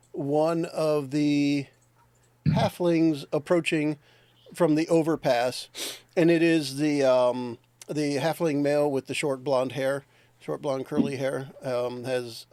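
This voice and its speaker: A man narrating as game master, explaining the scene in a relaxed way. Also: fairly high pitch, dry recording.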